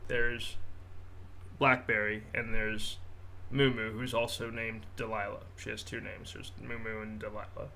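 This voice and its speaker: A man's voice: mid-range voice, bright, forceful tone. A man hosting a podcast in casual chat, rambling and poking fun at himself. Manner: rambling, self-mocking, laughs at own jokes. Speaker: podcast host.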